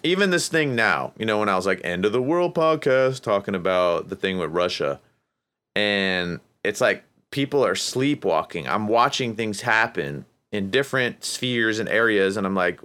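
A man hosting a casual solo podcast, rambling and profane, breaking into high mocking voices. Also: animated, moderate pace, sharp tone. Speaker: podcast host.

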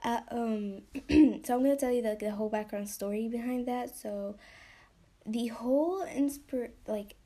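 A young woman with a warm, slightly high voice hosts a podcast at a normal speed. She rambles casually, filling her talk with fillers and swear words and occasionally whispering.

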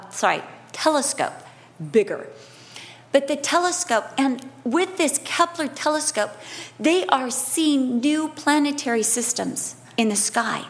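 A woman with a high voice preaching a sermon. She moves between emphatic declarations and quieter, drawn-out phrases, and drops in light humorous asides to the congregation. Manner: expressive, swings between emphatic and hushed delivery.

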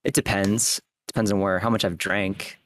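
A man's voice: on the low side, fairly even intonation, normal speed, noisy background. A man in casual podcast chat who speaks hesitantly, full of fillers. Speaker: podcast guest.

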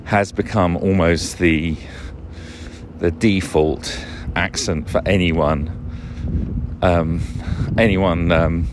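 Slow, deep-voiced rambling man. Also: steady tone. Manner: rambling, self-interrupting, wry. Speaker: podcast host. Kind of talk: casual solo podcast monologue. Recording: noisy background.

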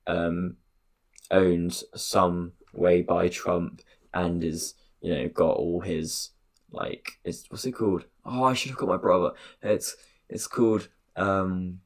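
A man's voice: sits low, gravelly. A young man hosting a casual podcast, rambling and hesitant with lots of fillers and laughs. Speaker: podcast host. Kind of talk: casual chat.

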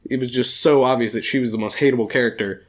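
A man with an ordinary mid-range voice co-hosts a casual movie review. He delivers outlandish claims in a flat, mock-serious tone, as if reading out a case. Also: medium pitch, fast. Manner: deadpan, mock-serious hot takes. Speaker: podcast co-host.

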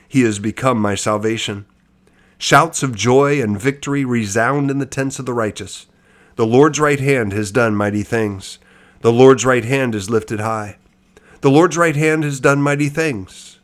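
A man reading scripture aloud at a measured, steady cadence, then adding a brief reflection. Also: mid-range voice. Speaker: Bible reader.

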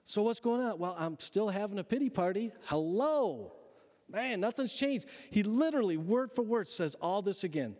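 A man preaching as pastor, conversational and animated, tossing rhetorical questions at his listeners. His voice sits a little high for a man, with a long reverb trailing each phrase in the room. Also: a little fast, few pauses. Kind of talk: sermon.

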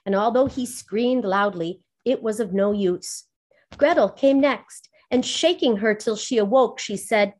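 A woman storyteller reading a fairy tale aloud in a measured, expressive way. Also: on the high side.

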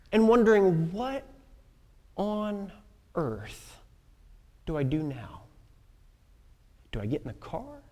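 A woman preaching a personal testimony sermon, telling a story with pauses and sudden soft drops in her voice. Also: on the high side. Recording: long reverb of a large hall.

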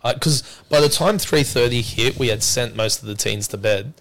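A man hosting a casual podcast, hoarse after losing his voice, joking and lively. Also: mid-range voice, normal speed. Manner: joking, animated storyteller. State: hoarse from lost voice. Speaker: podcast host. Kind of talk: casual chat.

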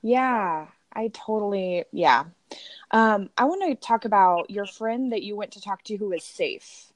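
A woman hosting an interview, affirming and quick to laugh as she asks questions. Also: medium pitch, dry recording. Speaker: podcast host.

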